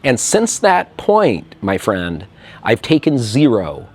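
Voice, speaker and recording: An American man from Illinois giving an animated, fast-talking interview, telling stories with quoted dialogue. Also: medium pitch, slightly rough. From Illinois, USA. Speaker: interview guest, expat. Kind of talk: casual interview talk.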